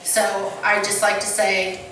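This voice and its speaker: A middle-aged woman, a comedian's wife, giving a halting speech at a comedy show, full of fillers. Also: medium pitch, monotone, bright, forceful tone, slight background noise. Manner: halting, with frequent fillers and laughs. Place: comedy club stage. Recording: echoey club from far off.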